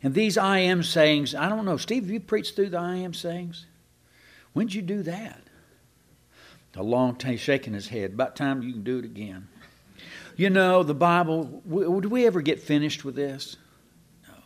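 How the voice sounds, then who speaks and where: A man teaching the Bible in a relaxed, conversational way, musing aloud and leaning hard on key words. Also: fairly high pitch, normal speed, long pauses.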